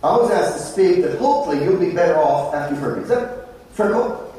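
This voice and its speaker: A man's voice: high voice, lively intonation, a little fast, dark tone. A middle-aged Australian man giving a conference presentation, telling jokey anecdotes to make his points. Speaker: conference speaker. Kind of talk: motivational presentation. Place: large conference hall. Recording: echoey hall from far off.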